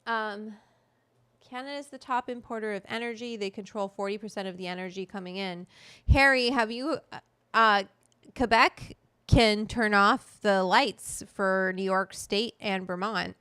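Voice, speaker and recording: Middle-aged woman host, smooth and dry up close; blunt, profane, fired-up livestream chat. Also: mid-range voice, normal speed, sharp tone, no room sound. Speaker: cooking show host.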